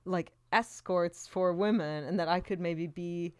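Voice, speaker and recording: A woman co-hosting a podcast who talks in giggly, hedging fragments and thinks out loud. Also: on the low side, unhurried, clear, resonant tone, dry recording, clean studio sound. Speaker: podcast co-host. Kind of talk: casual chat.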